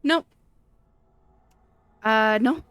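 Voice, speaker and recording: A woman's voice: a little high, drawn-out words, a bit bright, clear, resonant tone, no echo. A woman from the Pacific Northwest with a Pacific Northwest American accent, streaming a game from home and chatting casually with viewers in a rambling way, full of fillers and restarts. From Pacific Northwest, USA. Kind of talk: casual chat while gaming, answering chat. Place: home room with a fan.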